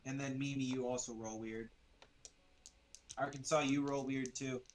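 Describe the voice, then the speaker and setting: A man's voice: mid-range voice, fairly even intonation, moderate pace, slight background noise. A man narrating a tabletop role-playing game as game master, loose and rambling, full of fillers.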